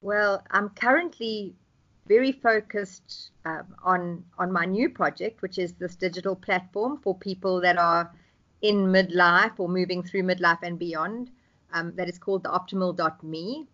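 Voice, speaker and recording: A woman's voice: on the low side, unhurried, a bit bright. A woman in her fifties with a South African accent chats as a podcast guest. She speaks thoughtfully, hesitating with ums and restarting phrases. Her voice comes through a dull, lo-fi remote connection. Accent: South African English. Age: 50s. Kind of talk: conversational interview.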